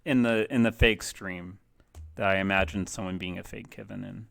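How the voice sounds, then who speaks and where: Speaking at a normal pace, this man has a deep, creaky, fairly bright voice and a steady tone. A game cafe streamer, he casually rambles on his livestream, full of fillers and self-mockery, while he tests the placement of his webcam mic.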